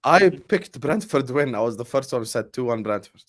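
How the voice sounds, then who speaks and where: A man's voice: mid-range voice, expressive, normal speed, a bit bright. A man on a football podcast panel, teasing and arguing with the others in casual banter. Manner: teasing, argumentative.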